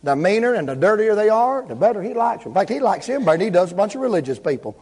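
Fervent preacher, high voice. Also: male voice, very animated, rapid-fire, slightly rough. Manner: fervent, shouts and drops to a hush. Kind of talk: revival sermon. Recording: echoey hall reverb.

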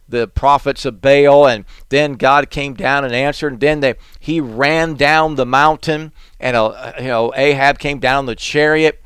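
A man's voice: on the high side, a bit bright, smooth, no echo. A man preaching a sermon in an earnest, conversational way, with bursts of emphasis.

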